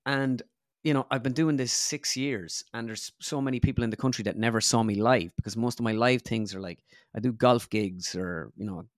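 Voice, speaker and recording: A man with a flat Irish midlands accent, chatting easily as an interview guest and a comedian, rambling and correcting himself. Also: medium pitch, moderate pace, no echo, studio quality. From middle of Ireland. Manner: rambling, self-correcting, easygoing. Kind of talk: casual interview chat.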